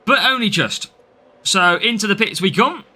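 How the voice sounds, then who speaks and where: A man's voice: high voice, animated, normal speed, pushed and bright. A man from the English Midlands with a Midlands accent, chatting through a live game stream and answering viewers' comments as he plays.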